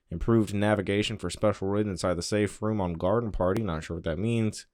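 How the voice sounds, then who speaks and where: Low-voiced man reading patch notes. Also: no echo, studio quality. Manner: offhand, reads in flat bursts with quick asides. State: out of breath. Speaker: gaming channel host.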